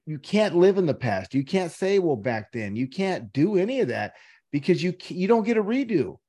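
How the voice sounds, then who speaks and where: A man's voice: high-pitched, sing-song, normal speed, dark tone, slightly rough. A man co-hosting a podcast, giving blunt, profane life advice in an emphatic, preachy way. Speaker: podcast co-host. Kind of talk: casual chat.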